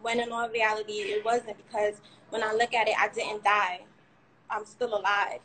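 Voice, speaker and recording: A woman's voice: medium pitch, flat delivery, normal speed, bright, forceful tone, a little hiss or hum, poor audio. A young woman telling a candid, rambling personal account of a frightening ordeal on a livestream, cursing now and then. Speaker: shooting survivor sharing her story.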